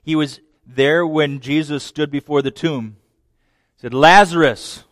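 A man preaching a sermon, dramatic, swinging between loud declarations and hushed lines. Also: a little high, fairly even intonation, measured pace, no echo, clean studio sound.

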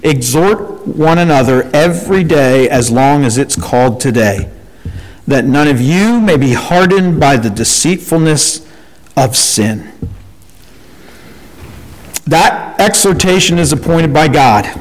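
A man preaching a sermon and reading scripture aloud, animated and acting out the voices of people in the story. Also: a little high, takes it slowly. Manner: animated, acts out quoted voices. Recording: long hall reverb.

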